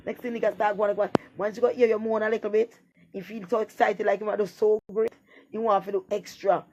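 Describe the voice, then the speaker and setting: Woman, mid-pitched, blunt rambling monologue, muffled lo-fi recording. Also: flat delivery, fast, darkish tone, slight background noise. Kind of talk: casual monologue.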